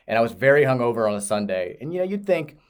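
A man's voice: mid-range voice, sing-song, quick pace, clean tone. A man in his thirties from Kentucky, co-hosting a casual chat and telling rambling, self-amused stories. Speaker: podcast co-host.

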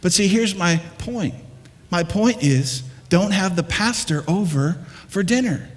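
A male pastor delivering an energetic sermon with touches of humor, building up to fired-up exclamations. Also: high-pitched, unhurried, slight background noise. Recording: long reverb of a large hall.

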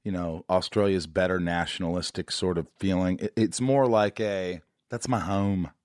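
An American man with a low voice hosts a podcast. He talks in a loose, rambling way and keeps joking. The recording is dry and close, with no room sound. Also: fairly even intonation, normal speed, a little mellow, no echo. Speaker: podcast host. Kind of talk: casual interview chat.

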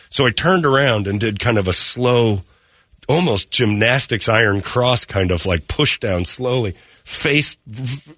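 A man in his fifties hosting a morning radio show, telling a story casually, profane and animated, acting out every voice. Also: mid-range voice, dry recording, studio quality. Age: 50s. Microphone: studio mic.

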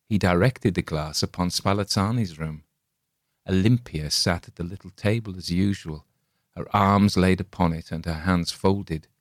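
A man reading a classic tale aloud as scripted narration, measured and expressive. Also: deep voice, no room sound, studio quality. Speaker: audiobook reader.

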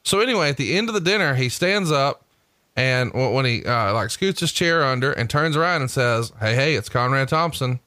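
A man from Alabama hosting a podcast, telling stories in an animated, chatty way. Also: mid-range voice, brisk, dry recording, studio quality. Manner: storytelling, animated, laughing asides. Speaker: podcast host. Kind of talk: casual chat.

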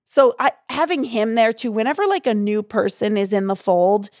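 A young woman, a guest comedian, telling stories in a chatty, animated way with many fillers. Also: on the high side, moderate pace, no echo, studio quality. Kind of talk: casual interview storytelling.

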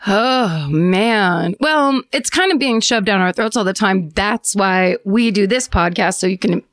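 A woman's voice: medium pitch, unhurried, no echo, studio quality. Rambling, giggly woman podcast co-host. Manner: rambling, laughs often, restarts sentences. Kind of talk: casual chat. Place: home.

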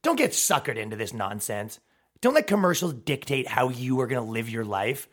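A man in his thirties hosting a podcast, ranting in a heated, profane, comedic way and mimicking people in quick put-on voices. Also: mid-range voice, very animated. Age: 30s. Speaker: podcast host.

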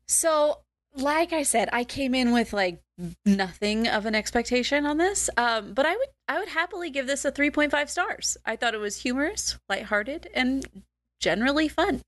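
A woman co-hosting a film podcast, talking in a relaxed and casual way with hesitant restarts. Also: high-pitched, moderate pace, dry recording. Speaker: podcast co-host, film reviewer. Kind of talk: casual film review chat.

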